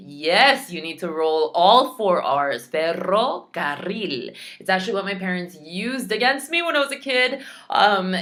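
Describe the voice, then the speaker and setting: A woman teaching a recorded Spanish lesson, sounding out each word slowly and clearly, with chatty, self-teasing asides. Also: on the low side, bright, forceful tone. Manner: clear, drawn-out pronunciation drills.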